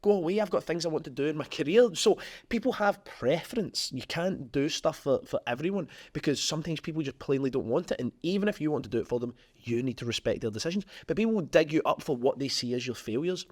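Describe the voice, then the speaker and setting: A man's voice: on the high side, expressive, quick pace, no echo. Frank man, dry close sound. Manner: emphatic, frank, conversational. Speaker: podcast host. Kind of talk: motivational business talk.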